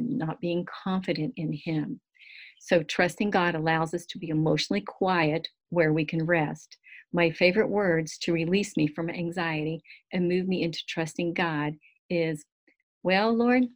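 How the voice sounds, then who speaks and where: A middle-aged woman giving an earnest devotional teaching, slowing to soft, quiet phrases at times. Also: low-pitched. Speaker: Christian teacher.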